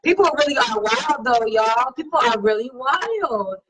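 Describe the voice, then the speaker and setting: A woman's voice: on the high side, animated, a little slow, fairly bright tone, distant mic, low-quality recording. A woman hosting a casual live-stream talk show, reading viewer comments and talking in an emphatic, slangy, sassy way. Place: home live stream over wireless connection.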